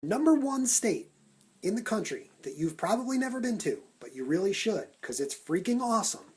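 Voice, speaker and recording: A man vlogging for social media, talking in an energetic, punchy countdown style into a phone held at arm's length. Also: high voice, fairly quick, slightly rough. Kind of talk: upbeat Snapchat vlog talk.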